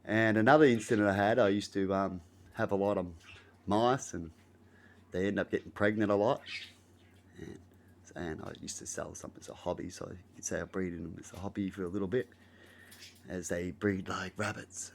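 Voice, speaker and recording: An Australian man telling casual stories to camera in a rambling way, acting out scenes with loud exclamations. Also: low voice, steady tone, normal speed, a little hiss or hum. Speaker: vlogger. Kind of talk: casual storytelling.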